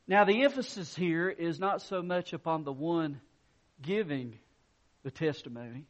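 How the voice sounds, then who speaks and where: A man with a fairly high voice delivers a sermon from the pulpit. He reads passages slowly and then builds to emphatic, rising bursts of conviction. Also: lively intonation. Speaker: pastor.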